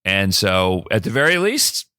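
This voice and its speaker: A man's voice: a little slow, clear, resonant tone, dry recording, studio quality. A man in his fifties from the Philadelphia area, telling stories as a podcast guest and acting out the people he quotes. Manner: animated storyteller who acts out quoted lines with big pitch jumps. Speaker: guest, former college golfer and broadcaster. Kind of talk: casual storytelling in a podcast interview.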